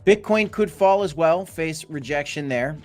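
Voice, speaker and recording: A man's voice: a little high, unhurried, darkish tone, soft background music. A man hosting a casual live stream of market commentary, chatty with playful asides and bursts of hype. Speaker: crypto live stream host.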